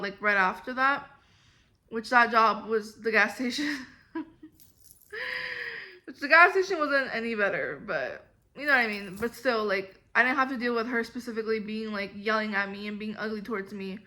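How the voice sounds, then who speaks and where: A young woman tells a long, meandering story about bad jobs, filling every pause with "like" and "um". Her voice sits high and bright. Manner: rambling, filler-heavy storytelling. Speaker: vlogger. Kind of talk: storytime vlog.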